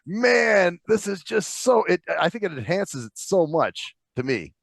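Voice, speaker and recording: A man's voice: sits high, sing-song, unhurried, gravelly, no room sound, studio quality. A man co-hosting a casual interview, chatty and casual, swearing now and then. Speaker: co-host interviewer.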